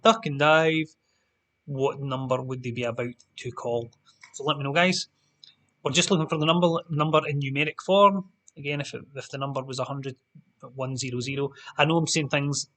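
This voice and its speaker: Guy running an online pub quiz, mid-pitched voice, chatty, pokes fun at himself. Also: fairly bright tone. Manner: chatty, self-deprecating, repeats instructions slowly. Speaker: quiz host. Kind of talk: live-streamed pub quiz hosting.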